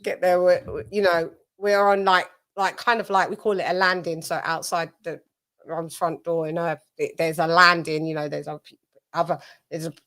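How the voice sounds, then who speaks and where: A woman's voice: on the low side, level tone, normal speed, fairly bright tone. A British woman hosting a live stream, chatting casually and telling rambling family anecdotes with frequent swearing. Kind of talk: casual chat.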